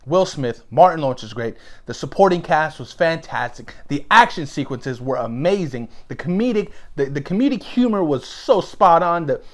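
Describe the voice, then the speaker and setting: A man giving a casual, excitable movie review, swearing freely and laughing as he retells scenes. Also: on the high side, moderate pace, hardly any pauses. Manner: excitable, profane, laughs often, quotes scenes in animated bursts.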